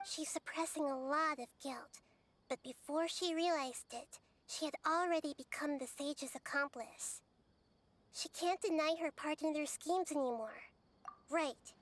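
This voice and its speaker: An actress voicing a small young girl goddess, calm and wise, gentle and measured in her speech. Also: high-pitched, no room sound. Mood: earnest.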